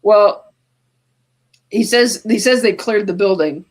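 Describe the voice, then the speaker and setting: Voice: medium pitch, takes it slowly. Laid-back podcast host retelling a film. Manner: animated retelling, quoting movie lines in passing; laughs often, casual swearing. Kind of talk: casual film recap on a podcast.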